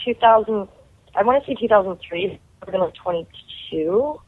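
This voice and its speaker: A woman, a guest actor telling stories in a chatty, animated way full of "like" fillers. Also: mid-range voice, moderate pace. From Canada. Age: 30s. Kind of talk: casual storytelling. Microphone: phone call. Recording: tinny phone line.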